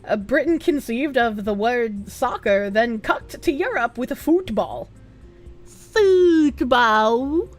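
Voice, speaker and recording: A woman's voice: on the high side, big pitch swings, a little slow, hardly any pauses, soft background music. A young woman with a Boston accent, chatting bluntly and with plenty of profanity as she reads out her stream chat. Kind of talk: casual livestream chat.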